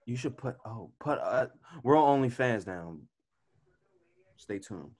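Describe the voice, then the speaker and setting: A man's voice: medium pitch, expressive, unhurried, a little mellow. A young man co-hosting a podcast, cracking goofy jokes in casual chat. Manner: goofy wisecracks. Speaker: podcast co-host.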